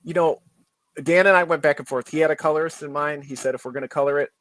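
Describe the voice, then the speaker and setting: A man's voice: a little high, fast, fairly bright tone. A man who is a comic book writer, talking as a guest in a friendly way and telling stories with many restarts. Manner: friendly, storytelling, frequent restarts. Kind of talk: casual interview.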